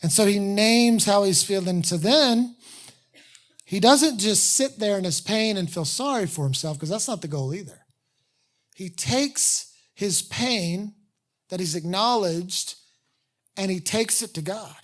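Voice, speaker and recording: Pastor, sermon delivery, conversational and honest, mid-range voice, earnest slowed emphasis. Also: mid-range voice, lively intonation. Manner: conversational, candid, self-deprecating asides.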